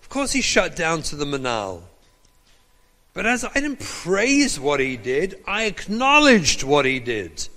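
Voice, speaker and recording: A man's voice: fairly high pitch, unhurried, long reverb tail. A man, a rabbi, giving a lecture and telling stories, acting out the dialogue in them. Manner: animated, acts out dialogue from his stories. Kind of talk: lecture with storytelling.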